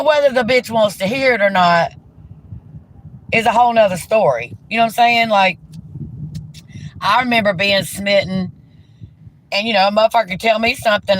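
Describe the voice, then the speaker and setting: A woman's voice: medium pitch, a little hiss or hum, poor audio. A woman ranting heatedly and profanely during a live stream, talking into a handheld phone from inside a car.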